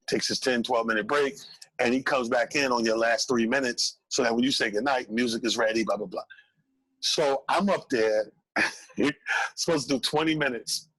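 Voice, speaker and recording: A man, a comedian telling an animated story on a call-in show, acting out voices. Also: medium pitch, husky, no room sound, poor audio. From Brooklyn, New York. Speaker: comedian guest.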